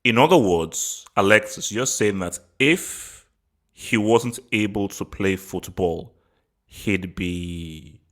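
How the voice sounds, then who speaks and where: A man's voice: on the low side, fairly bright tone. Rambling male football vlogger. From England. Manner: rambling, repeats words, laughs often. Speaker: football channel host. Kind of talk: casual opinion vlog.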